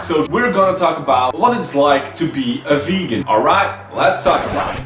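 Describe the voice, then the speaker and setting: A man's voice: a little high, lively intonation, moderate pace, hardly any pauses, far from the mic. A young man chatting casually as a vlogger, earnest and rambling with many fillers. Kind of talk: casual chat. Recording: echoey room, off-mic, faint background music.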